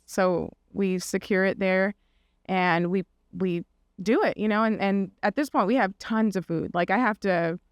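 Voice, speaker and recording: Chatty woman with a smooth, clear voice. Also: mid-range voice, steady tone, a little slow, no echo, studio quality. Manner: chatty, many fillers and "like"s, acts out quoted voices. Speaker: podcast guest. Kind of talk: casual storytelling.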